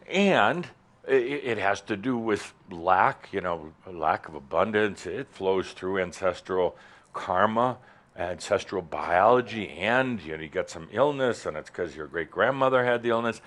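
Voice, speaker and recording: A man giving a spiritual talk to a live audience in a hall, playful and provocative, with big sudden leaps in pitch and loudness. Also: lively intonation, a little slow. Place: warm hall with doors, in front of an audience.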